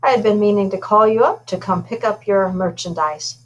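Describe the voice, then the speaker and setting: A woman reading aloud, voicing a smooth male shop owner who delivers bad news with false politeness. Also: medium pitch, moderate pace, dull audio, slight background noise, natural voice. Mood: falsely apologetic.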